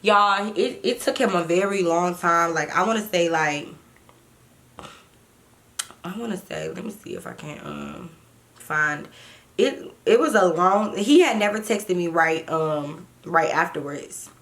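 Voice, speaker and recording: A woman's voice: fairly low pitch, big pitch swings, measured pace, a bit bright. A young woman telling a personal story to her viewers in casual chat, often repeating words and reading old text messages aloud. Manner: chatty, repeats words, reads texts aloud.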